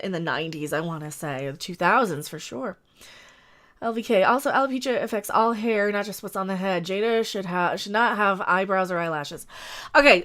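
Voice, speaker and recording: Blunt, bright-voiced woman streamer. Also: medium pitch. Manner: ranting, blunt, quick asides. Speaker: livestream host. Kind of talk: casual opinion livestream.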